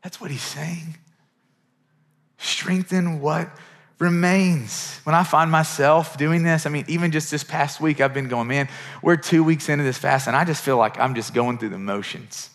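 A man's voice: on the high side, fairly quick, fairly bright tone. A middle-aged male pastor preaching a sermon in a conversational, earnest way, often repeating words as he builds a point.

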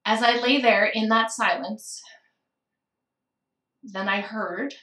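A woman's voice: fairly high pitch, fairly even intonation, slow, long pauses, bright, forceful tone, roomy sound, distant mic. A woman candidly telling a personal story of grief, reflective and at times tearful. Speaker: guest sharing a personal story.

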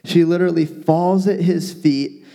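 Animated man retelling a Bible story. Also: fairly high pitch, unhurried, vocal fry. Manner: animated storyteller, paraphrases with playful asides. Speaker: podcast co-host teaching from the Bible. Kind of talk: casual Bible teaching chat.

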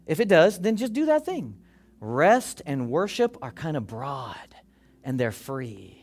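A pastor preaching a sermon to his congregation, animated, acting out people's worries in quick quoted asides. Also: on the high side, faint music behind.

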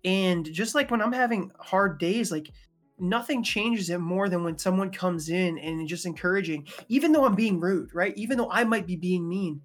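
An animated man in his thirties hosts a relaxed faith conversation. He tells everyday stories and slips into the voices of the people he quotes. Soft music sits faintly behind him. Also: high voice, moderate pace. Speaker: podcast host.

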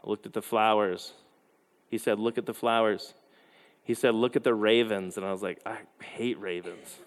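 A man preaching a youth sermon, telling stories with lively, quick asides. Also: lowish voice. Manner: animated storytelling with quick asides. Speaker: youth pastor. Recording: hall reverb.

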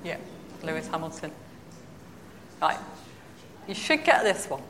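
A woman's voice: low-pitched, big pitch swings, measured pace, fairly bright tone, in a large hall, slight background noise. A woman leading a casual church talk, chatty and self-deprecating, laughing easily.

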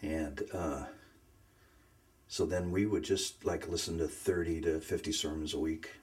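A man telling his faith story in a casual conversation, earnest and emotional, often pausing to search for words. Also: extremely low pitch, fairly even intonation, darkish tone. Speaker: guest sharing faith story.

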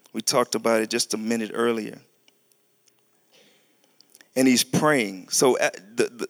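A man preaching a sermon, reading scripture slowly and deliberately, then breaking into animated, sudden high and loud bursts. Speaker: pastor.

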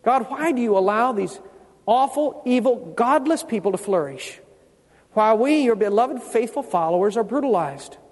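A man preaching a sermon, quizzing his congregation with questions and repeating key words slowly for emphasis. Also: very high voice, expressive, a little mellow, long reverb tail.

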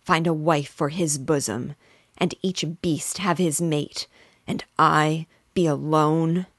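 Woman voicing a wretched male creature, vengeful, slow and threatening, low voice, dry close recording. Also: steady tone, dry recording, full character voice. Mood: menacing.

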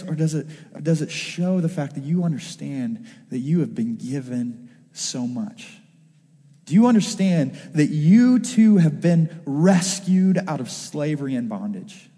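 A man in his thirties preaching a sermon as a pastor, telling stories with lively acted-out quotes. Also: fairly high pitch, unhurried, long reverb tail. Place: church.

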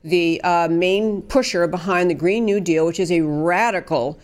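Female host, lower-pitched, delivering pointed political commentary with plenty of uh's and restarts. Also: unhurried, darkish tone. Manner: emphatic, with frequent fillers and restarts. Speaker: political talk show host.

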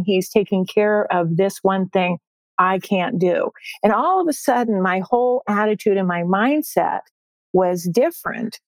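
A woman's voice: medium pitch, dry recording. An older woman, a success coach, speaking as a podcast guest in an upbeat, emphatic way and repeating her key phrases. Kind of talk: podcast interview.

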